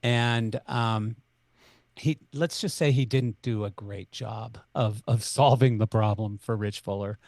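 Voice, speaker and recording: Middle-aged Canadian man, animated podcast storyteller, dry close mic. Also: fairly low pitch, unhurried, no echo. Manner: animated, acts out both sides of dialogue. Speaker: podcast guest. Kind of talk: conversational storytelling.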